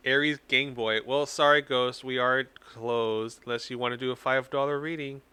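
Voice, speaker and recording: Man, tarot live-stream host, casual chat, teasing, playful, mid-pitched voice. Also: steady tone, pushed and bright, a little hiss or hum. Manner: playful, teasing, quick asides to viewers.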